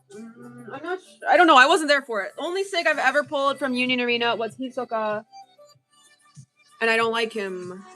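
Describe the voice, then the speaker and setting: A woman hosting a casual livestream of card pack openings, chatting with viewers and reacting with gasps. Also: a little high. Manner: chatty, reads chat aloud, yawning, excitable gasps. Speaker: livestream card-breaking host.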